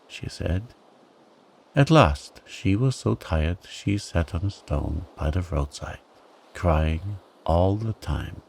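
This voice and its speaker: A man narrates a bedtime story in a calm, gentle, soothing way. His voice is low and grainy with creak, and he takes his time over every phrase. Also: slow pace.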